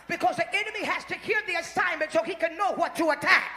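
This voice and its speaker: A woman preacher giving a sermon, shouting and drawing out her phrases to urge the congregation to answer back. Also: extremely high pitch, faint music behind, a faint crowd. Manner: shouting call-and-response preaching, drawn-out emphatic phrases.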